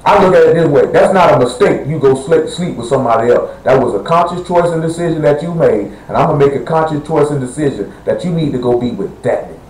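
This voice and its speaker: Preacher, male, blunt and conversational, quizzes the congregation; slightly high voice. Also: expressive, quick pace, few pauses, a little mellow, echoey room, low-quality recording. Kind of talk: sermon. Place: church assembly hall.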